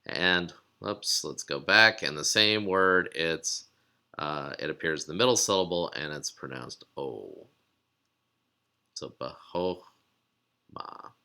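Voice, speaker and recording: A man teaching a recorded lesson, explaining patiently with frequent pauses and fillers. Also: very deep voice, expressive, sharp tone, smooth. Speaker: biblical Hebrew teacher.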